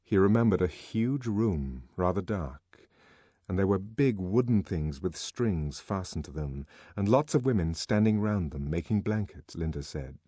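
A man narrating an audiobook in a measured, expressive storytelling manner, recorded on a close studio mic. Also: low voice, breathy edge, dry recording.

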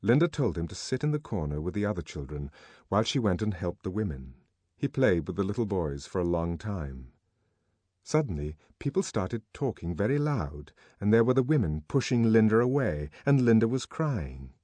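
Low-voiced male audiobook narrator. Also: no echo. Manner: measured, expressive storytelling.

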